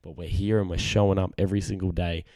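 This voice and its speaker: A young man hosting a casual solo podcast, husky from a cold, earnest and rambling, often repeating words. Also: sits low, level tone, fast talker, mellow, no room sound, studio quality. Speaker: podcast host. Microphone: studio podcast microphone.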